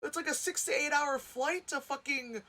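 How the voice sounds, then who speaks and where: Woman ranting about a rom-com, swears a lot, bright snappy voice, kinda high. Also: moderate pace. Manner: blunt, sarcastic, swears freely; bursts into exasperated yelling. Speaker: movie reaction host. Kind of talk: casual profane commentary.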